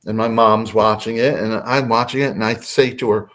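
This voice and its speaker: An older man, a podcast guest, telling a personal story in a casual, animated way. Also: fairly low pitch, normal speed, few pauses. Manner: animated, acts out voices in his anecdotes.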